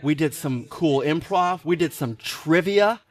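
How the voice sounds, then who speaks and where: A man hosting a casual podcast chat, excitable and quick to laugh. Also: on the high side, no echo. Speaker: podcast host. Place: podcast set in a games studio.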